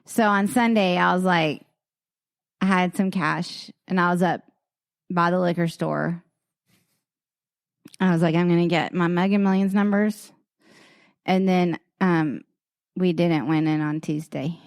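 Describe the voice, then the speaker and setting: A woman with a fairly low, gravelly voice and fairly even intonation speaks at a measured pace with long pauses. As a podcast co-host in a casual comedic chat, she's giggly, telling rambling stories and laughing often. The sound is clean studio quality with no room sound.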